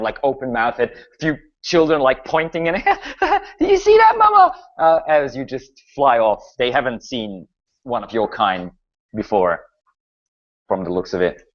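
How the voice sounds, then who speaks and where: A man's voice: mid-range voice, lo-fi sound. A man narrating a tabletop game as game master, casual and full of fillers.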